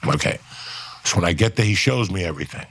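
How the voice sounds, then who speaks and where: This man has a very low, gravelly voice with a husky, rough edge. He tells a profane story in a studio, jumping into other people's lines as he goes. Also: fast. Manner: animated, swearing, acts out other people's lines. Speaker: guest storyteller. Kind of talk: profane anecdote telling.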